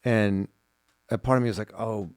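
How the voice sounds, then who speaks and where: A man with a lowish voice talks in a relaxed, reflective way, full of "you know" and "like". The sound is dry and close, as in a small studio. He is co-hosting a casual podcast. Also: moderate pace, clean tone, dry recording. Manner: reflective, soft-spoken, many fillers. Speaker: podcast co-host.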